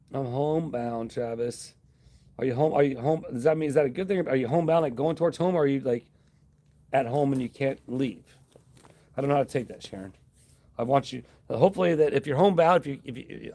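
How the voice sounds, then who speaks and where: Easygoing man chatting on a live stream. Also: medium pitch. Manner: relaxed, rambling, reads out viewer comments; friendly, laughs often, thanks viewers. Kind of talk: casual live-stream chat.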